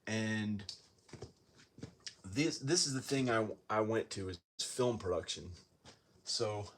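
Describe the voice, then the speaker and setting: A man casually rambling through a home vlog, halting and self-deprecating as he shows his books. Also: on the low side. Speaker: vlogger showing his book collection.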